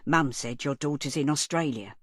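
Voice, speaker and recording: A woman's voice: a bass voice, normal speed, a bit bright, slightly rough, dry recording, studio quality, full character voice. A woman voicing an earnest, ashamed young man who speaks hesitantly. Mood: polite.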